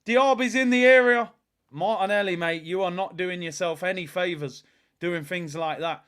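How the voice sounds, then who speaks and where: Young man, fan watchalong commentary, excitable, shouty, high voice, bright tone. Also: moderate pace, clean tone. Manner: excitable, shouting at players, London slang. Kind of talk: live football watchalong commentary.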